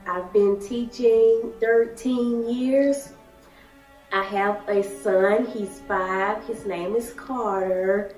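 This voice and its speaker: A woman, telling her own story in halting, emotional short phrases. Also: mid-range voice. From Alabama, USA. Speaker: daycare worker sharing her story. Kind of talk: personal testimony. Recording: echoey room, distant mic, soft music.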